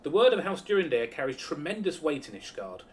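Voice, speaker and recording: Guy reading a smooth-talking court adviser from a fantasy game, measured, a bit higher voice. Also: very animated, a little hiss or hum. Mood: scheming.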